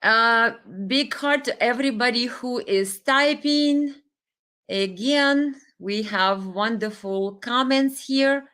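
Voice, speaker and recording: A woman's voice: fairly high pitch, slow, fairly bright tone. A woman hosting a livestream, talking earnestly and heartfelt to viewers on a webcam, tearful at times. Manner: earnest, heartfelt, reads viewer comments aloud. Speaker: livestream host. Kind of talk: emotional livestream talk.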